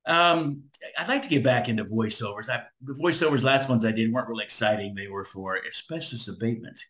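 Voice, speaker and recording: A middle-aged Southern Californian man, once a radio DJ, talks fairly quickly in a medium-pitched voice while telling stories as a guest on an interview. It's animated, casual storytelling, complete with voices for each person he describes.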